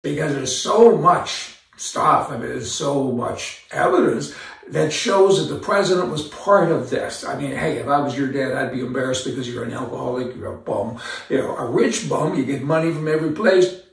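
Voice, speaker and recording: A man's voice: mid-range voice, animated, normal speed, creaky. A man hosting an opinionated commentary monologue, rambling and sarcastic, with asides and repeated words. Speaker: commentary host. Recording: very echoey room, voice from a distance.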